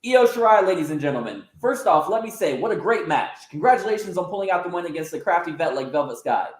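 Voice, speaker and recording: A man's voice: high-pitched, lively intonation, quick pace, voice pushed up. A formal, announcer-like veteran wrestling interviewer, played by a man in a somewhat raised voice. He speaks with polished politeness, and a roomy echo hangs on every word. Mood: enthusiastic.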